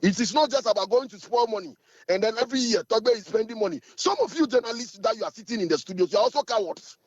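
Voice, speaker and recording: Hoarse, fiery Ghanaian man. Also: sits high, expressive, fast, no room sound, dull audio. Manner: assertive, fiery, repetitive. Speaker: supporters' group chairman.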